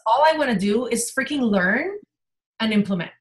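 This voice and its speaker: A woman's voice: fairly high pitch, lively intonation, normal speed, a little hiss or hum, rough recording. Emotional woman sharing her coaching story. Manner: emotional, rambling, fillers. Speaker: health coach. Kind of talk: personal testimony on a team call.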